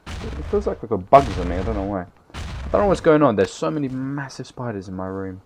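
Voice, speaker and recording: A tired young man giving casual, rambling gameplay commentary, swearing freely with loud bursts of excitement. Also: fairly low pitch, fairly quick, slight background noise. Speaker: gaming YouTuber.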